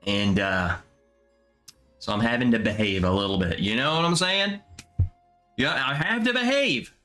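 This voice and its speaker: Lively bright-voiced young man chatting. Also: medium pitch, faint music behind. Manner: relaxed, chatty, drawn-out musing. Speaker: livestream host. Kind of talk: casual live chat reading comments.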